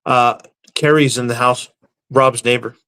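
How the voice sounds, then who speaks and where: A man hosting a live stream, reading viewer comments aloud and answering them with deadpan, crude, mock-serious jokes. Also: mid-range voice, a little slow, clean tone. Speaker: livestream host reading chat. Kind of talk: casual live-stream banter.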